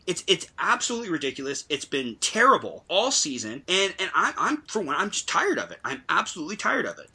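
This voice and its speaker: A man's voice: on the high side, sharp tone, breathy edge. A man co-hosting a sports podcast, talking casually and ranting about referees, swearing and tripping over his words when worked up.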